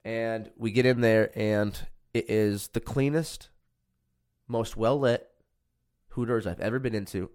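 A man's voice: lowish voice, steady tone, unhurried, a little mellow. A young man from Chicago telling a rambling, profane story in casual chat.

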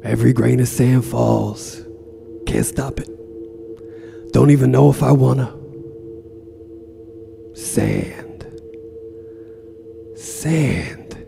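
A man playing a gruff, profane tough guy who broods aloud while drifting in a coma, in an improvised comedy bit. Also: mid-range voice, steady tone, takes it slowly, long pauses, music in the background. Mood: brooding. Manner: brooding, profane, gravelly musing. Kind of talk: improvised comedy role-play.

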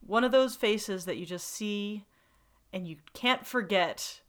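A woman hosting a podcast in casual chat, jokey and quick to laugh. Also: medium pitch, fairly bright tone. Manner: chatty, jokey, laughs often. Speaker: podcast host.

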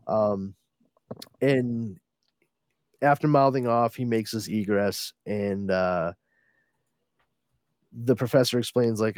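A man's voice: mid-range voice, slow pace, long pauses, no echo, clean studio sound. A man casually recapping a comic book with a co-host, laughing often and acting out the characters' lines. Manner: laughing, animated retelling with acted-out quotes.

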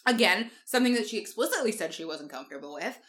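A woman's voice: mid-range voice, lively intonation, fast, a bit bright. A young woman co-hosting a podcast, retelling a book plot in sarcastic, swear-heavy casual chat. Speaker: podcast co-host.

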